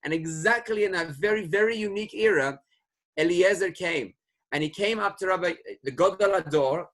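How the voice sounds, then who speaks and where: A middle-aged rabbi delivers a Torah lecture, his voice sitting a little higher than most men's. He explains his sources patiently and moves into storytelling, lifting his tone when he voices the people in the story. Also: normal speed, fairly bright tone. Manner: explanatory, retells stories and lifts his voice for quoted speakers. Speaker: rabbi teaching a class.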